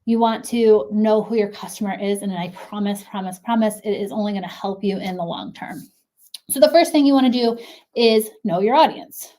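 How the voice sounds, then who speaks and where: A woman's voice: mid-range voice, moderate pace, warm tone. Chatty, encouraging woman in her thirties. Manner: chatty, encouraging, frequent fillers. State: pregnant, a little out of breath. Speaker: clothing brand consultant. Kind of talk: casual advice talk to camera.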